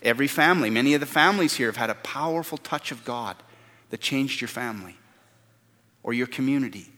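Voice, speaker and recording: A man's voice: mid-range voice, fairly quick, sharp tone. A man preaching a sermon as pastor, earnest and repeating words for stress. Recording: long hall reverb.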